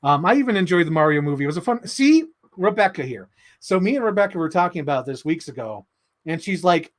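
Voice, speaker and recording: A man's voice: fairly high pitch, very animated, fast. A man hosting a live stream, chatting casually in a rambling, opinionated way and swearing often. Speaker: livestream host.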